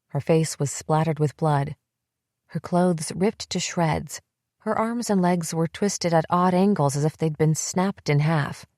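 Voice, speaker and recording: A woman reading a first-person psychological thriller audiobook in a tense, measured way on a close mic. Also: low-pitched, darkish tone, no room sound. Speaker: audiobook narrator.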